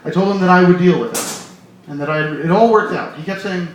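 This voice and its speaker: A man reading his own novel aloud at a live reading, in measured, quiet first-person narration. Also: sits high. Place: bar hosting a reading series. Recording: echoey bar room with light noise. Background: faint bar ambience.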